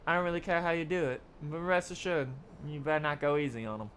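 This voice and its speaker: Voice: medium pitch, fast, a bit bright, slight background noise. A streamer reading every character's dialogue from a video game aloud during a live playthrough, with laughing asides in between.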